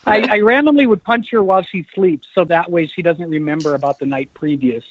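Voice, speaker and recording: A man's voice: a little high, brisk, no echo. A man guesting on a chat show who stammers, repeats himself and jokes about his wife. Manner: stammering, joking, repeats words. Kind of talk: casual chat. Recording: dull lo-fi internet radio audio.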